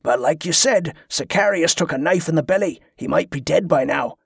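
A man's voice: a little high, lively intonation, normal speed, gravelly, breathy edge, no echo, studio quality, full character voice. Man voicing a growling, scornful male ringleader. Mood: gruff commanding. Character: gruff bullying male schemer, a leader.

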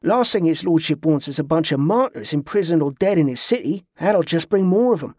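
A man's voice: fairly high pitch, expressive, brisk, a little mellow, dry recording, clean studio sound. A man doing a jovial, folksy townsman. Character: cheerful local man, jovial drinker.

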